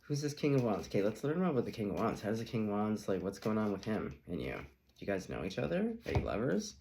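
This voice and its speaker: A man with a lowish voice gives a tarot reading in a relaxed, chatty way. His pitch swoops around a lot, and he slips into playful little acted reactions as he talks through each card. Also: fast talker, vocal fry, a little hiss or hum. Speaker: tarot reader.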